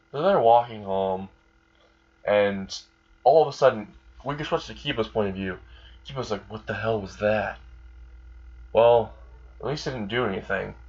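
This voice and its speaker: A man's voice: lowish voice, fairly bright tone, muffled recording. A man casually narrating a fan story, rambling and profane, chuckling at his own jokes.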